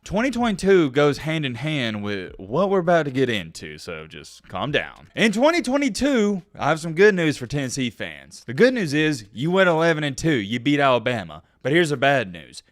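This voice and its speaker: A man rants to his viewers about a football program, leaning hard on key words and asking them questions. His voice swings up and down with constant energy and sits a little high for a man. The recording is close and dry, with no room sound. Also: dry recording. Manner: animated and emphatic, addresses viewers directly. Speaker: sports commentary YouTuber. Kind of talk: energetic solo sports commentary.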